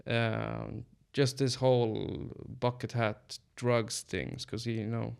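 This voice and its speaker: Swedish man, gravelly and smooth. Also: mid-range voice, slow pace. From Sweden. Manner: relaxed, thinks aloud with many ums and restarts. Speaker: podcast co-host. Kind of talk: casual chat.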